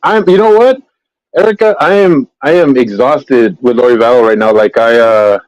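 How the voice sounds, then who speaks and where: A man's voice: medium pitch, normal speed, darkish tone, dull audio. A man hosting a casual livestream, chatting in a rambling way about true-crime cases with many fillers and restarts. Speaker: livestream host.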